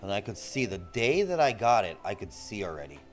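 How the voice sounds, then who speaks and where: A man in his forties rambles through stories in a loose, profane streamer chat. His pitch swings lively up and down as he talks, with faint music playing behind him. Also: fairly quick. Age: 40s. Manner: loose, profane, animated, says "bro" a lot. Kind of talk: casual storytelling chat.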